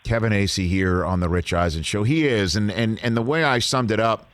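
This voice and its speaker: A man hosting a sports talk show, interviewing a guest, enthusiastic and quick to laugh, repeating phrases for emphasis. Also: fairly low pitch, dry recording. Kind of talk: studio interview.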